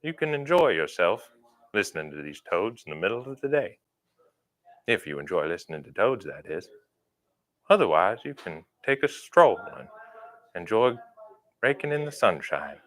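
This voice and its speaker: A man putting on a deep, sultry voice to play a slow, languid nature guide. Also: big pitch swings, a bit bright, poor audio.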